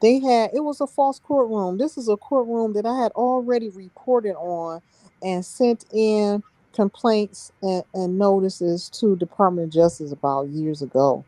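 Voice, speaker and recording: A woman's voice: mid-range voice, unhurried, warm tone, no echo. A woman telling a story on a live stream in an emphatic, heated way, laughing between points.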